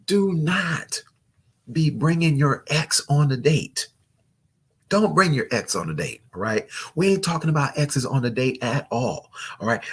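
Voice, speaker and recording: Male dating coach host, husky and expressive, preachy with jokes. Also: mid-range voice. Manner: animated, preachy, joking. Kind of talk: live chat show.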